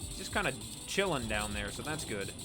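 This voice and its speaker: A man giving chatty, excitable gameplay commentary as host of his let's play series, often poking fun at himself. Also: medium pitch, brisk, music in the background. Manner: excitable, chatty, self-mocking.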